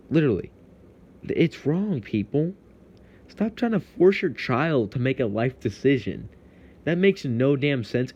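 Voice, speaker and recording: A man's voice: fairly low pitch, darkish tone, dull audio. A young man from Texas with a Texan accent, ranting heatedly to camera in a profane, confrontational vlog monologue.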